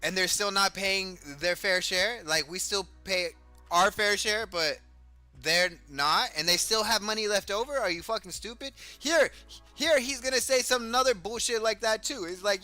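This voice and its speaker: A man's voice: sits high, normal speed, pushed and bright, no echo, faint music behind. A man streaming reaction commentary on clips, blunt and ranting, swearing heavily.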